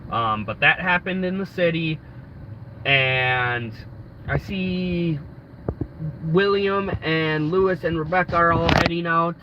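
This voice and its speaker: A man's voice: a little high, slow pace. A man with a stuffy nose from a cold, telling a travel story in a casual, rambling live stream full of restarts. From United States. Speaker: travel vlogger. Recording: dull lo-fi audio with faint background noise.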